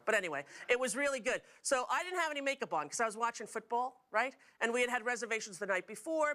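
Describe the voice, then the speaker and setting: A woman's voice: on the high side, sharp tone. A middle-aged woman hosting a talk show, telling jokey stories to a studio audience. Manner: chatty, jokey storytelling with frequent laughs.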